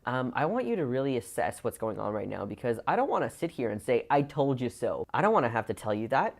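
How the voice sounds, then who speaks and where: A woman's voice: a bass voice, big pitch swings, quick pace. A woman vlogger ranting to her camera, impassioned and full of "like" fillers. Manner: impassioned, heavy use of "like" fillers. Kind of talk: emotional video rant.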